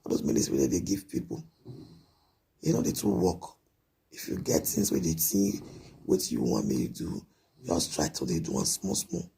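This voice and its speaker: A man rants in a very deep, gravelly voice, his pitch leaping wildly up and down. He scolds and repeats himself in a late-night vlog monologue, and his voice sounds dark and husky. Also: wildly swooping pitch, moderate pace, pauses often. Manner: ranting, repetitive, scolding. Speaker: live-video vlogger.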